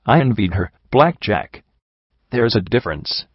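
A man's voice: fairly low pitch, very animated, a little slow, slightly rough, no echo, muffled recording, full character voice. A man reading an anxious young pegasus mare. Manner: hesitant, conflicted. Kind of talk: audiobook reading.

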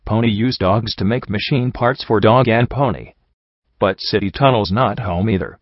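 A man's voice: on the low side, moderate pace, no echo, highs cut off, lightly acted. A man voicing a bitter old male dog chieftain with augmented limbs, growling and grumbling in broken grammar for an audiobook story.

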